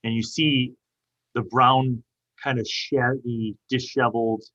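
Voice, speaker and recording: Husky-voiced man narrating a tabletop game. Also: mid-range voice, flat delivery, bright, forceful tone, dull audio. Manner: halting descriptive narration with many fillers. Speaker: game master.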